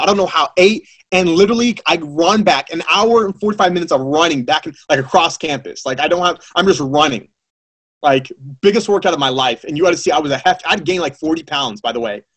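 A man preaching a sermon, telling his own story in a lively way and acting out the voices of the people he quotes. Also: on the high side, fairly quick. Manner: animated, acts out quoted voices, many fillers. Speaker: preacher giving his testimony.

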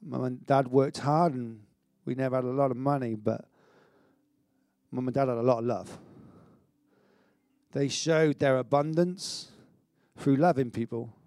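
A middle-aged man preaching a sermon in an energetic, conversational way, with stammered restarts and self-mocking humour. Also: medium pitch, a little slow, pauses often, no room sound, clean studio sound. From Wales. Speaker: pastor.

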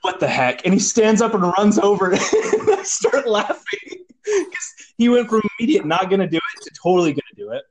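Young dude telling a story on a call, does everyone's voices, kinda highish, bit of background hiss. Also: male voice, fast talker, hardly any pauses. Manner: animated, acts out friends' lines, laughs often. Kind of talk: casual storytelling. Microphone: phone. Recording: phone call with faint noise.

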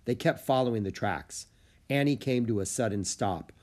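A man reading a children's chapter book aloud in an expressive storytelling manner. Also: mid-range voice, normal speed. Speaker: audiobook narrator.

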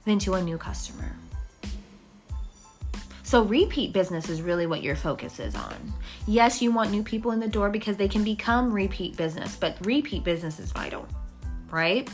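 A woman designer hosting her own podcast, chatting casually and giving lively business advice from her office. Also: mid-range voice. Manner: lively, chatty, lists things quickly. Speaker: podcast host, brand designer. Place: home office.

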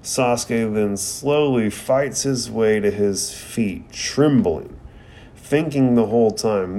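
Slow, dark-voiced man recapping an anime. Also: lowish voice. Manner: profane, rambling, frequent "like". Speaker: anime episode reviewer. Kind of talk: casual recap and commentary.

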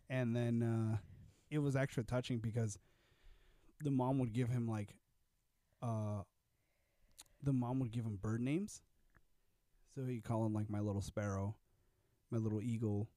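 A man's voice: medium pitch, warm tone, no room sound, clean studio sound. A young man co-hosting a casual podcast from home, rambling in a laid-back way with lots of fillers. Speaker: podcast co-host.

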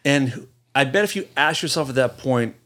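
A man's voice: mid-range voice, lively intonation, a bit bright. Wisecracking man hosting a podcast. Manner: quick wisecracking interjections. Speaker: podcast host. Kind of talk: casual comedic chat.

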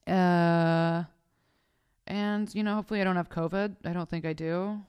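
A woman's voice: on the low side, normal speed, clear, resonant tone. A young adult woman hosting a podcast from her bed, telling a story in casual, profane chat on a close mic. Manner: profane, animated, acts out voices in her stories. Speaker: podcast host. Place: bedroom at home. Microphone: close mic in front of her face.

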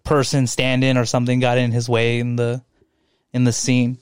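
A man's voice: mid-range voice, monotone, moderate pace, clean tone, no echo, studio quality. A young man co-hosting a podcast in casual chat, loose and profane, laughing often. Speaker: podcast co-host.

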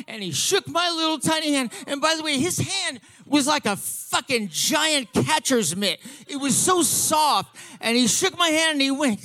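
Man, fifties, comic storyteller; bright, sharp tone, excitable and profane, tripping over his own restarts. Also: extremely high pitch, a little slow, dry recording.

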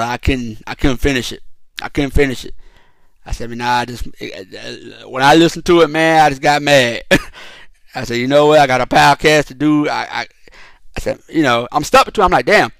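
A man's voice: fairly high pitch, a bit bright, dry recording. Profane, fired-up podcast man. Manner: profane, emphatic, fired-up venting with frequent slang. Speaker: podcast host. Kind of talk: casual solo podcast rant.

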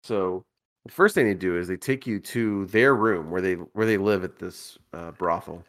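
A man with a fairly low voice, co-hosting a podcast while tipsy from drinking. He rambles through a long story, swearing freely and breaking into laughter. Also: normal speed, fairly bright tone. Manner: rambling, profane, giggly storyteller. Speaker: podcast co-host. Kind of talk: casual storytelling chat.

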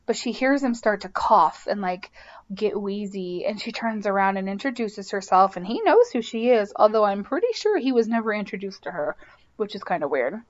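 A woman's voice: mid-range voice, sing-song, normal speed, muffled recording. A woman hosting a podcast, casually recapping a TV episode, chatty and full of "like" and "um". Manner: chatty, lots of "like" and "um". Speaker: podcast host.

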